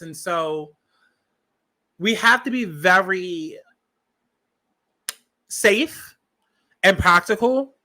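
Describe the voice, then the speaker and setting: A high-pitched, bright-toned man delivers opinionated podcast commentary. He is blunt and sassy, swears freely, and stretches words out for emphasis. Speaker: podcast host.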